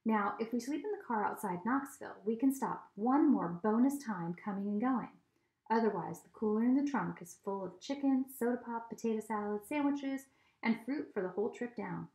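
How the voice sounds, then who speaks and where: A woman reading as a brisk, organized mother. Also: on the high side, lively intonation, a little mellow. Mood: matter-of-fact. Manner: brisk, matter-of-fact planning. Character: organized, planning mother of a family. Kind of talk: storybook read-aloud. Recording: echoey room.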